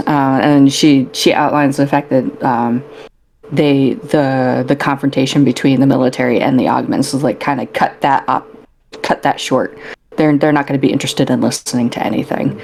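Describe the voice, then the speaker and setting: A woman's voice: a bass voice, steady tone, moderate pace, darkish tone, slight background noise. A woman taking part in a tabletop game over a voice call, describing what her character does with plenty of fillers. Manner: explains in third person with many fillers. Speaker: player. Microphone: home mic over a voice call.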